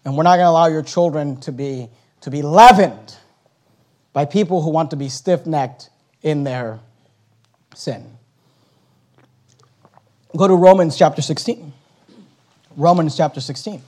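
A man with a high voice preaches from the pulpit of his church. He presses his points hard, stacking repeated phrases, and breaks into a chuckle at his own expense now and then. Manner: forceful preaching with repetition, chuckles at himself. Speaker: pastor. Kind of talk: sermon.

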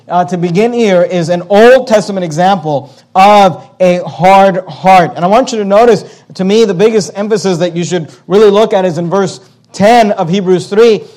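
A man with a notably high voice preaches a sermon at a church service. He speaks with emphasis, slowing down to stress words and repeating his key questions. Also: a little mellow. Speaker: pastor.

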